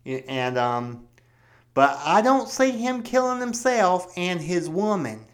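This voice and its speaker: A man playing a blunt police detective who calmly and matter-of-factly explains his reasoning. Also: sits high, slow pace, heavily acted. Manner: matter-of-fact, patiently explaining. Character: blunt, level-headed male police detective.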